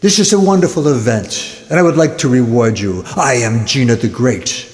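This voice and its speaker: A man's voice: medium pitch, normal speed, natural voice. Flamboyant wish-granting lady, grand formal delivery, echoey hall, voiced by a man.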